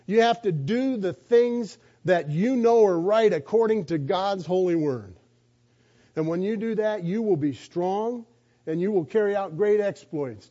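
High-voiced, mellow male preacher. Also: dull audio. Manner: emphatic storytelling with rhetorical questions. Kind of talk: sermon.

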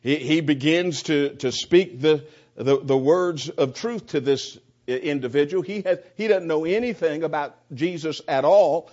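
Man, bible class teacher, earnest, unscripted lesson, slightly high pitch, lo-fi recording. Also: unhurried, darkish tone. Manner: earnest, repeats and restarts words often.

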